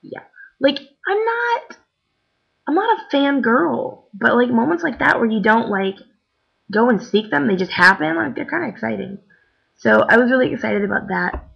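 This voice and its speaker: A woman's voice: fairly high pitch, expressive, normal speed, gravelly, husky. A tired young woman chatting casually in a rambling way, with lots of "like" and "um". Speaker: vlogger. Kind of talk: casual chat. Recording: dull lo-fi webcam recording.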